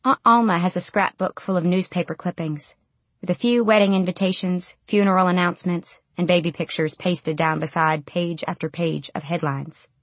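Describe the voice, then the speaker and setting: A woman narrates an audiobook in the first person, quiet and subdued. Her voice is pitched low for a woman. The recording is dry and close. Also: steady tone, normal speed, dry recording.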